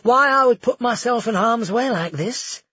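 A man's voice: very high-pitched, lively intonation, normal speed, sharp tone, slightly rough, no echo, highs cut off, pitched above the performer's own voice, heavily acted. A man voicing a sly, vengeful male nobleman villain in an audiobook, taunting and cold.

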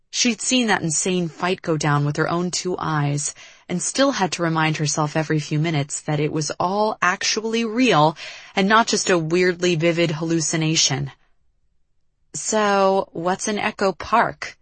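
Low-voiced woman narrating a novel. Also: a bit bright, dry recording. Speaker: audiobook narrator. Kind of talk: scripted narration.

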